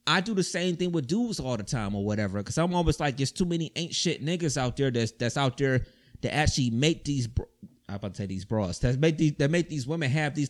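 A man co-hosting a casual group chat, rambling and repeating his words as he makes his point. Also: fairly high pitch. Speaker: podcast co-host.

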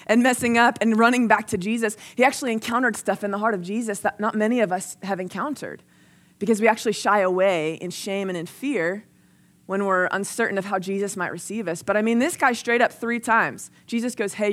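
A woman's voice: mid-range voice, steady tone, fairly quick, a bit bright. A young adult woman preaching a sermon in a casual, earnest way, sometimes acting out the people she quotes. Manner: conversational and earnest, acts out quoted voices.

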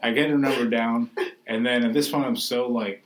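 A man's voice: mid-range voice, steady tone, normal speed, poor audio. A young man casually telling a rambling, self-deprecating story to friends, swearing freely.

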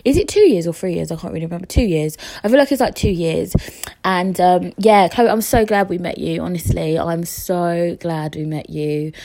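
A woman's voice: lowish voice, normal speed, dark tone. A young woman, hosting her own podcast in casual, chatty talk, swearing and teasing herself as she goes. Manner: chatty, swearing, self-mocking, emotional. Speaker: podcast host. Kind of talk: casual solo podcast chat.

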